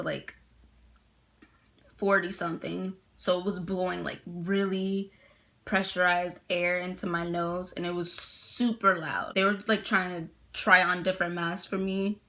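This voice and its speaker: A woman's voice: fairly low pitch, little pitch movement, unhurried, sharp tone. A young woman casually telling a personal story to her viewers, chatty, full of "like" fillers, laughing now and then.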